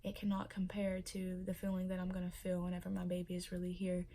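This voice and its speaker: A woman's voice: lowish voice, monotone, fast talker, warm tone. A young pregnant woman chatting casually in a vlog, emotional and full of fillers. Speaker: vlogger.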